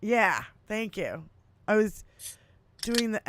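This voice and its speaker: A woman's voice: mid-range voice, expressive, normal speed, a little hiss or hum. A woman in her fifties co-hosting a casual political podcast chat, swearing freely, talking with animation and laughing often. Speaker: podcast co-host.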